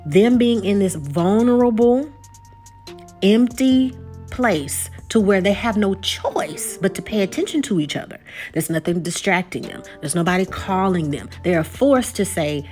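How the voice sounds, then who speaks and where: A woman's voice: medium pitch, normal speed, soft background music. A young woman giving a casual, conversational recap and review of a TV episode. She repeats words and keeps checking in with her listeners.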